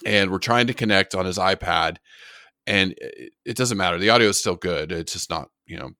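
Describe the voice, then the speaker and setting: A man hosting a podcast, chatting casually in an animated, emphatic way. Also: sits low, moderate pace, no echo, studio quality. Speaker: podcast host. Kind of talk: casual chat.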